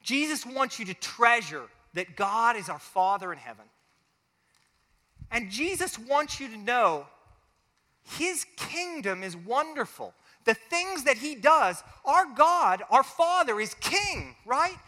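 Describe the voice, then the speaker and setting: A man preaching a family sermon as a pastor and leading a closing prayer. He talks in an animated way and acts out little quoted voices. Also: very high-pitched, takes it slowly. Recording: long hall reverb.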